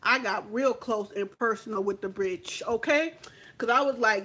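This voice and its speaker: Sassy woman vlogger with a high voice, chatting straight to the viewer. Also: moderate pace, bright, forceful tone, husky. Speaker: makeup vlogger. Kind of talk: casual story time chat.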